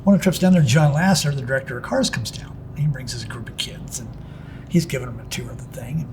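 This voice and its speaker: A man's voice: medium pitch, quick pace, background noise. A middle-aged man who works as a pinstriping artist tells stories about his work in a casual interview, rambling and restarting with plenty of "it's like" asides.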